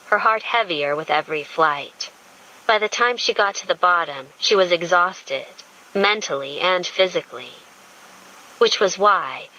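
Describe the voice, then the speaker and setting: A woman reading a romance audiobook in a smooth, intimate storytelling manner. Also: lowish voice, pushed and bright, lo-fi sound. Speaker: audiobook narrator. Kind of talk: scripted romance narration.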